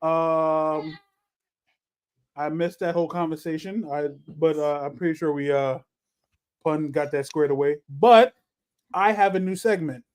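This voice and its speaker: A man co-hosting a casual podcast chat, animated and joking, breaking into loud announcer-style bursts. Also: on the high side, measured pace, pauses often. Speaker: podcast co-host.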